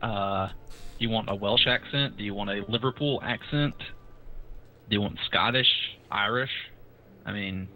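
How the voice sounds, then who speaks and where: A man's voice: on the low side, a little slow, sharp tone, a little hiss or hum, low-quality recording. A man from South Carolina with a Southern accent, chatting and teasing as a guest on a stream. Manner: playful, teasing, repeats words for fun. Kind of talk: casual chat.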